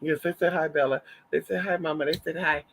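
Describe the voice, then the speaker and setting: A man's voice: a little high, fairly even intonation, a little fast, gravelly, fairly bright tone, a little hiss or hum. Sassy, flamboyant man chatting to viewers. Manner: sassy, flamboyant, calls viewers honey and y'all, swears a lot. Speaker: vlogger. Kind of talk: casual livestream chat.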